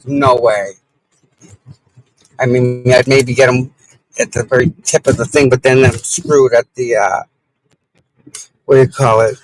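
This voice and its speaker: A man's voice: medium pitch, steady tone, unhurried, pauses often, low-quality recording. A man chatting live to his viewers from inside his car, rambling and grumbling at other drivers. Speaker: livestream host. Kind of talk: casual live-stream chat while driving.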